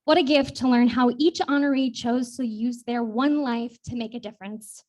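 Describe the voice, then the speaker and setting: A woman delivers heartfelt, formal remarks on behalf of a sponsor at an awards dinner. She sounds a little breathless, and her voice sits somewhat high. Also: steady tone, normal speed, darkish tone. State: slightly out of breath. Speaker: sponsor executive.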